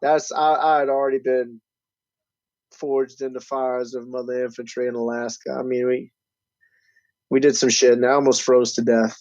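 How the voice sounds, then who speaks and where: A man telling stories in casual, profane podcast chat, animated and loud on quoted lines. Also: medium pitch, normal speed, no room sound. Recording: dull, dry lo-fi recording.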